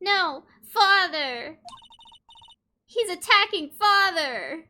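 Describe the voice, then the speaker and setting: A woman doing a panicked, high-voiced little boy. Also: animated, drawn-out words, full character voice. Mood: desperate. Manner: panicked shouting, pleading. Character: terrified young boy trapped in the dark.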